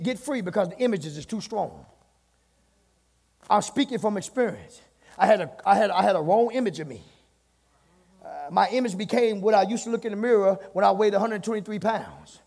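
A man preaching a sermon as pastor, repeating his phrases and rising to shouts. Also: sits high, vocal fry. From United States. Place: church sanctuary. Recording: church sermon with hall reverb.

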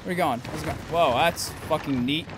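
A man giving let's-play commentary while playing, swearing often and swinging from low grumbling to high yelps. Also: a little fast, very noisy. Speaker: gameplay commentator. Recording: game music loud behind voice.

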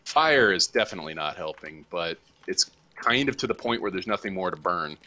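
A man with a fairly low voice but a bright, clear edge, talking his way through a game with friends. His speech swings up and down with lively intonation, and he narrates every setback as it happens. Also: brisk. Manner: rambling, self-commenting while playing. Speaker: gamer. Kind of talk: casual gaming chat.

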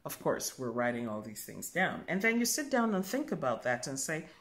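A woman spiritual teacher giving a calm demonstration, musing aloud and humming softly as she thinks. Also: deep voice. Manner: slow, musing, thinks aloud with soft hums.

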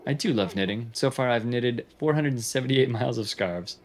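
A man voicing a mild, patient grandmother robot who knits, in a game, speaking softly and low. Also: fairly quick, crowd noise, close to an everyday voice. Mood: gentle.

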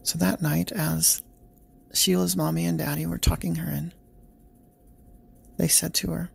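A man narrating a bedtime story in a soft, gentle, slow storytelling manner. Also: a little high, little pitch movement, vocal fry, husky.

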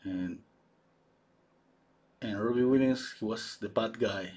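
Male painter, husky voice, halting live-stream chatter with many restarts. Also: fairly low pitch, a little mellow. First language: Spanish. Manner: halting, searches for English words, many restarts. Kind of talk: casual chat while painting live.

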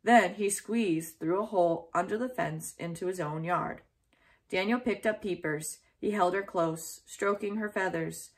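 A woman reading a children's chapter book aloud in a gentle, steady storytelling manner. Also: on the low side, unhurried.

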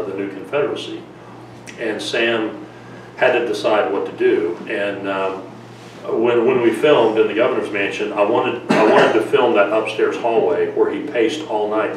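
A man's voice: on the low side, slight background noise. Man lecturing in an echoey hall. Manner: conversational, chatty with frequent fillers and restarts. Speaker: lecturer and documentary filmmaker. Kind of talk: museum history lecture, storytelling. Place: museum lecture room. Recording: echoey room, mic from far off.

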